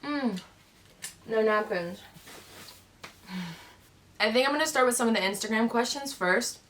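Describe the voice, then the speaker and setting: A woman YouTuber chatting excitedly in a casual vlog while eating on her bed at home. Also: fairly high pitch, unhurried, slight background noise.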